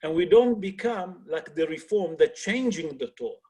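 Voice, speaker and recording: A man's voice: on the high side, lively intonation, moderate pace, warm tone, slightly rough. A man who is a rabbi teaching an online class over a video call. He talks earnestly, asks rhetorical questions and uses non-native English grammar.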